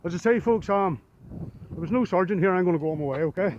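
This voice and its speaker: A high-voiced man with a Northern Irish accent talks quickly and loudly, pushing his point against the police without letting up. He is recorded outdoors on a street with a handheld camera, and the sound is muffled and lo-fi. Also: expressive, a little hiss or hum. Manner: loud, insistent, argumentative. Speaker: street auditor filming police. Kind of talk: heated confrontation with police. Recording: dull lo-fi street video audio.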